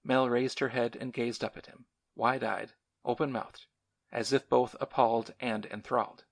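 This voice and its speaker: A man narrating a novel as an audiobook, in measured, dramatic storytelling. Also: mid-range voice, little pitch movement, vocal fry. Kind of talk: scripted narration.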